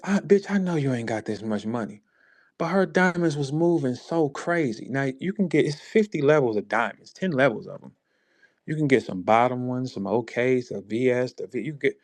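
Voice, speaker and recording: A man with a St. Louis accent hosting a casual chat, telling stories loudly and acting out dialogue. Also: no room sound. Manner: animated storyteller who acts out dialogue with big pitch jumps. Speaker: host. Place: online audio space.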